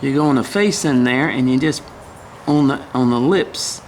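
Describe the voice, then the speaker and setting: A woodcarving instructor gives a casual, step-by-step lesson in a mid-range voice at normal speed. He's folksy and chatty, humming and muttering to himself as he works, with slight background noise.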